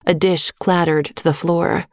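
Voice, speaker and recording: A woman narrating a short story in a measured, even voice on a close microphone. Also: on the low side, dry recording. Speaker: audiobook narrator. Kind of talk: scripted narration.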